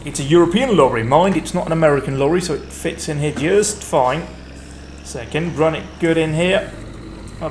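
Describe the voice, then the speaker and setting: A man's voice: fairly high pitch, a little hiss or hum. Chatty man narrating his gameplay. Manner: chatty, rambling, self-mocking; bursts into panicked outcries. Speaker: let's play host. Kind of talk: gameplay commentary.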